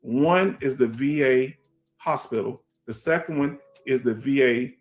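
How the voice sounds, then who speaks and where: On a headset mic, a middle-aged veteran from Houston, Texas runs a casual livestream, going through chat with emphatic, repetitive talk and the frequent question "you understand?" His pitch is medium and his pace a little slow, with faint music behind. He has a Houston Black American English accent and a streetwise manner.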